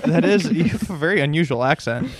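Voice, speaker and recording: A young man with a slightly high voice, drawing out the others with question after question in casual podcast talk. He sounds dry and close to the mic. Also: animated, fast, no echo. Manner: curious, asks many questions. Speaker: podcast co-host. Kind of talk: casual chat.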